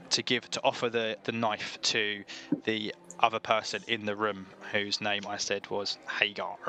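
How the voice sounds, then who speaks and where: A man's voice: mid-range voice, sharp tone, slight background noise. A man acting as dungeon master, narrating a tabletop game and patiently explaining the rules with lots of ums.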